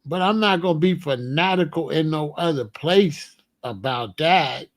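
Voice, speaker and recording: A man's voice: on the high side, animated, unhurried, dry recording. A man from Chicago hosting a casual commentary monologue, talking in loose slang, laughing often and repeating his points. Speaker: commentary channel host.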